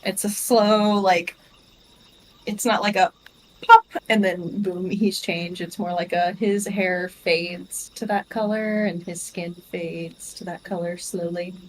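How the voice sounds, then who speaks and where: A woman narrating as game master in a tabletop game, unhurried and halting. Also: on the low side, steady tone, a little hiss or hum, rough recording.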